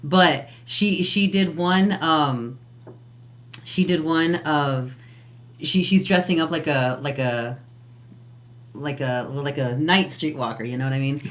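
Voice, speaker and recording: A woman with a lower voice chats on a podcast, jumping into stories with energy. She pushes back on her co-host and laughs easily while she talks. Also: slow pace. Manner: animated storyteller, acts out voices, laughs. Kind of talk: casual relationship talk.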